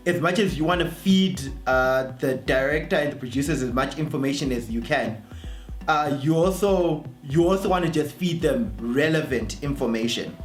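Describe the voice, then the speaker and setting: A man's voice: mid-range voice, normal speed, soft background music. A man hosting a casual interview, thinking aloud and restating points with a few restarts. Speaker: host. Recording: roomy echoey room.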